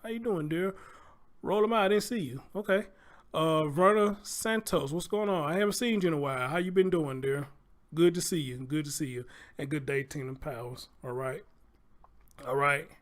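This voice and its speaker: A man with a slightly high voice and moderate pace hosts a casual livestream. He's chatty and loose with viewers, swearing freely and repeating phrases as he goes.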